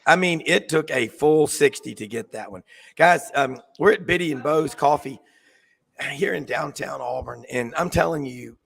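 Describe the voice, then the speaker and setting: A man hosting a sports talk show, excitable and rambling, and losing his voice. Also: medium pitch, vocal fry, husky. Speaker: sports radio host. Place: coffee shop.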